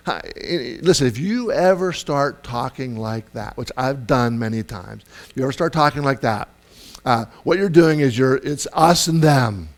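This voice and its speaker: A man preaching a sermon in a lively, conversational way, acting out quoted voices with sudden loud bursts. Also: mid-range voice, normal speed. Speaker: pastor.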